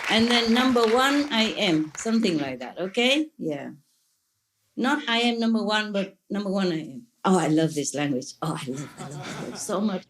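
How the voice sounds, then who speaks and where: A woman's voice: medium pitch, expressive, moderate pace. Woman, spiritual teacher; playful, gushing, laughs often; imperfect English. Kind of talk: answering questions at a gathering.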